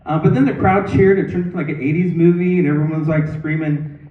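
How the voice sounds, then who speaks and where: A man's voice: a little high, steady tone, quick pace. A man in his fifties doing rambling open-mic stand-up with lots of fillers and restarts. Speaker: stand-up comic. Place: comedy club stage. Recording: distant, roomy, tinny phone-like recording.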